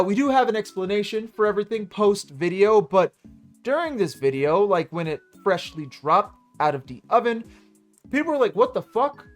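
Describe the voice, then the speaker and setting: Guy doing sarcastic react commentary, highish voice, swears a lot, faint music under it. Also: a bit bright. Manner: sarcastic, swearing, laughs between words. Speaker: react channel host. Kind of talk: casual commentary.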